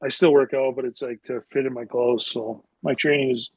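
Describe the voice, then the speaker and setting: A man's voice: mid-range voice, steady tone, a little fast, breathy edge, no room sound, low-quality recording. A middle-aged man from Canada, a retired hockey player, telling rambling stories as a podcast guest, full of "like" and restarts. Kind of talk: casual storytelling interview.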